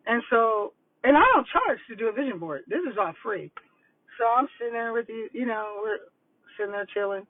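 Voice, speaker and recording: A woman's voice: a little high, a little fast, no room sound. Older woman, tinny phone-like sound. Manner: animated, rambling storytelling. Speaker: vision board coach. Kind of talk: casual livestream talk. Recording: tinny phone-like line, dry.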